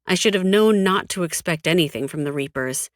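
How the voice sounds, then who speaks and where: Low-voiced woman reading a dark romance. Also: brisk, no room sound, clean studio sound. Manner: cold, flat, defiant, with frequent swearing. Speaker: audiobook narrator. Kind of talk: first-person audiobook narration.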